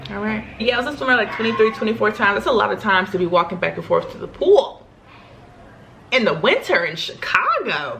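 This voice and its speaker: A young woman tells a story to her camera in a loose, slangy, chatty way and laughs often as she talks. Her voice sits at a middle pitch. There is faint background hiss at home. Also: very animated, a little fast, creaky. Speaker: vlogger.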